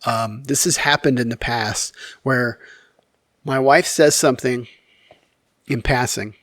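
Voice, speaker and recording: A man's voice: mid-range voice, takes it slowly, fairly bright tone, no room sound, studio quality. A man telling a casual story to his channel's viewers, rambling and candid, with many fillers, self-corrections and wry, self-deprecating humor. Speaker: YouTube storyteller.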